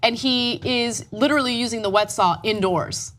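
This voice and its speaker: A woman with a fairly high voice tells a story on a talk show. She is lively and candid, swears freely and acts out other people's lines with quick jumps in tone. The delivery is casual chat between co-hosts. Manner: animated storytelling with mimicked quotes, swearing. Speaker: show co-host.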